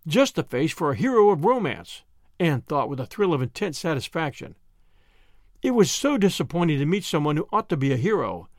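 A man narrating a classic novel as an audiobook in a gentle, expressive storytelling manner. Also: fairly high pitch, dry recording, studio quality. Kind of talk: scripted narration.

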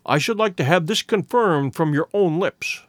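A man voicing a cold, inexorable male detective who speaks in a measured, precise way in a storybook reading. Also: fairly high pitch, animated, fairly bright tone, no echo. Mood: cool, measured.

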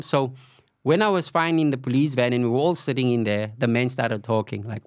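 A man's voice: mid-range voice, brisk, smooth, no echo, clean studio sound. A middle-aged man, a podcast guest candidly telling a story and acting out what people said. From South Africa, Cape Flats. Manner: recounts events with acted-out quoted dialogue and frequent "you know".

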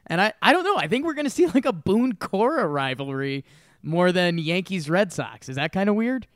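A young man chatting about sports, his voice a touch high and very smooth. He tells animated stories and swears without a second thought, recorded dry and close. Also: moderate pace, no room sound. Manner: animated storyteller, swears freely. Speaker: sports podcast co-host. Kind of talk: casual sports chat.

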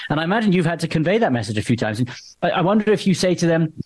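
A man's voice: on the high side, very animated, rapid-fire, breathy edge. A man interviewing a guest, asking long, wandering, supportive questions.

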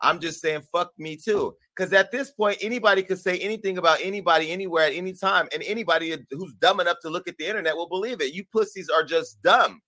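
Sassy, bright-voiced gossip host man. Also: high-pitched, fast, few pauses, dry recording. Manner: sassy, profane, animated, laughs at himself. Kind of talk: brash gossip commentary.

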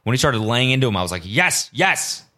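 A man hosting a solo podcast, rambling casually and swearing often, veering between excitement and deadpan asides. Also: medium pitch, very fast. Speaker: podcast host.

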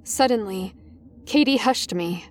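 Slow, tense woman storyteller. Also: medium pitch. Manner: tense, dramatic, rising in panic. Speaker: narrator. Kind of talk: first-person story narration.

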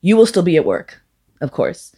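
Brief: woman, lowish voice, bawdy live storyteller, profane, playful, acts out every quote. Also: very animated, normal speed, warm tone, husky. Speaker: storyteller guest.

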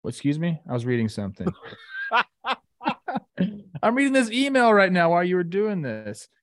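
A man co-hosting a casual baseball talk show, rambling and joking in an animated way. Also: high voice, moderate pace, no echo, clean studio sound. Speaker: baseball analyst and co-host.

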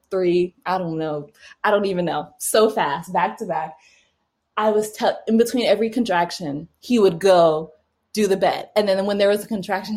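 A young woman casually telling a personal story, animated, laughing often, with quick asides. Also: mid-range voice. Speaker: mother telling a birth story.

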